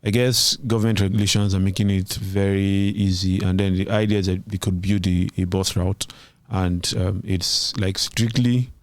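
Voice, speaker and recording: A man with a deep voice muses on a podcast, casual and a little hesitant as he works through his thoughts. The sound is dry and close. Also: steady tone, moderate pace, few pauses, no room sound. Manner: hesitant, thinks aloud with fillers. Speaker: podcast co-host. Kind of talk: casual tech discussion.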